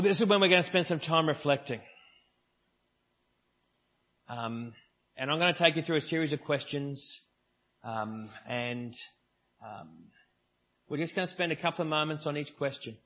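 During a church service, a pastor delivers a sermon in a relaxed, conversational style, now and then leaning hard on key words. His voice is slightly high with a husky edge, and the recording sounds somewhat dull and lo-fi.

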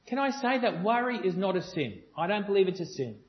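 A man's voice: sits high, very animated, fairly quick. A man preaching a sermon to a congregation, earnest and emphatic, repeating his phrases and joking with the crowd. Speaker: pastor. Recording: dull lo-fi sound.

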